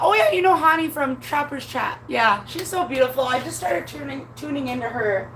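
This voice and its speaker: A woman talks to her viewers from home in a high voice with a gravelly edge. She rambles through her feelings, swears freely and sounds close to tears. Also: animated, moderate pace, hardly any pauses, a bit bright, a little hiss or hum, poor audio. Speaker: vlogger. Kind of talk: casual chat to viewers. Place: at home indoors.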